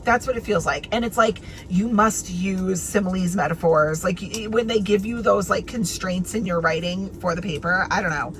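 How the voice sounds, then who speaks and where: A woman's voice: medium pitch, moderate pace, few pauses, a little hiss or hum. A woman in her thirties chatting casually in a reading vlog, with lots of filler words and restarts. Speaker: book vlogger.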